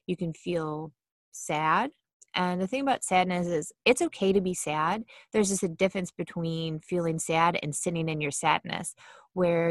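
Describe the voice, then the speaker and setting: A woman giving a casual mindfulness talk, chatty and quick to act out inner thoughts in little voices. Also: lowish voice, dry recording, clean studio sound. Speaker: mindfulness speaker.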